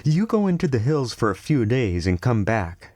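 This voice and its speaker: A man's voice: medium pitch, big pitch swings, normal speed, darkish tone, no echo, clean studio sound. A man reading a novel aloud and voicing a protective village mother in a raised, urgent tone. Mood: calm. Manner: pleading, urgent.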